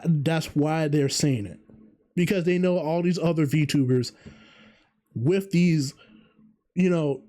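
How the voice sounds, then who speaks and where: A man's voice: on the high side, warm tone. A man hosting his own channel, talking through his opinions in a rambling, self-interrupting monologue with frequent chuckles. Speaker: vtuber host. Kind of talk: casual commentary monologue.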